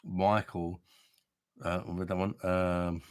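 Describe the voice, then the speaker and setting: A man's voice: sits low, level tone, takes it slowly, clean tone. A man hosting a casual beer livestream, bantering and reading out viewer comments from his room at home. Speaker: beer review livestream host.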